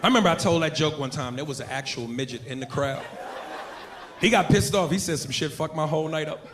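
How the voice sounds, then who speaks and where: A man's voice: fairly high pitch, fast talker, background noise. Brash, profane stand-up comedian man. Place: comedy stage before a live audience. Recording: live club mic, crowd laughter.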